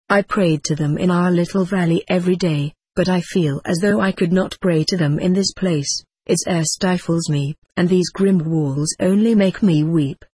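A reader voicing a gentle, frightened young girl who asks soft, pleading questions, read as an audiobook. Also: medium pitch, breathy edge, dry recording, lightly acted. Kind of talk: audiobook reading.

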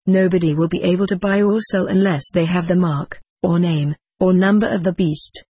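Tts audiobook narrator, kinda breathy, dry close sound. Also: medium pitch, no room sound. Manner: flat, even synthetic delivery. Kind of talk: text-to-speech audiobook narration.

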